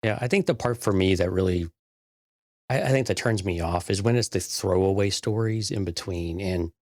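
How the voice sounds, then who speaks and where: A man's voice: low voice, moderate pace, darkish tone, no echo, clean studio sound. A man co-hosting a podcast in casual chat, easygoing and reflective. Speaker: podcast co-host.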